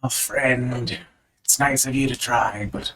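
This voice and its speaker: A man putting on a raspy, mopey little skeleton puppet. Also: medium pitch, fairly even intonation, slow, a bit bright, distant mic, slight background noise. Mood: meek, resigned. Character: tangled wooden skeleton marionette, wee, meek and mopey.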